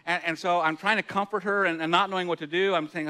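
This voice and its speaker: In a church hall, a middle-aged man delivers a sermon as pastor, talking fast in a high, smooth, sharp voice with fairly even intonation. His manner is chatty and self-deprecating, with frequent laughter and restarted words.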